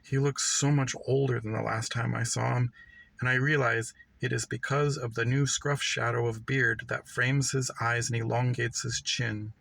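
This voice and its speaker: A man reads literary prose aloud in a steady, reflective voice with a gravelly texture. His pitch sits in the middle for a man, and he lets lines settle. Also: normal speed, poor audio. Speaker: reader. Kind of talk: literary reading.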